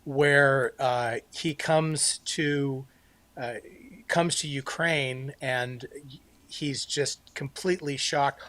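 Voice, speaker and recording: A man, a guest author in a casual interview, speaking slowly and thinking aloud in a measured way. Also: on the high side, a bit bright, no room sound. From United States.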